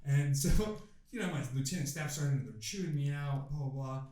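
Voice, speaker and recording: A man in his twenties, a guest on a podcast, tells a story in a casual, profane, animated way and acts out the quoted lines. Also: on the high side, brisk. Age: 20s. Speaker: podcast guest, pro MMA fighter. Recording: roomy room, faint noise.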